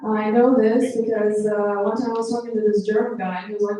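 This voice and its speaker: Deadpan woman comic in a roomy club. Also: quick pace, hardly any pauses. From Mongolia. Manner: deadpan asides, jumps to high put-on voices for quotes. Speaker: stand-up comedian. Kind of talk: stand-up comedy set. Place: small comedy club stage. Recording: roomy club sound from a distance.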